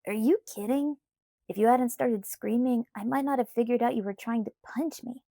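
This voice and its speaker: Woman reading a cocky teen boy, calm and coaxing, mellow kinda high voice, dry. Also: vocal fry, no echo. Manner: easygoing, coaxing, unhurried. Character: cocky cheerful teenage boy, persistent.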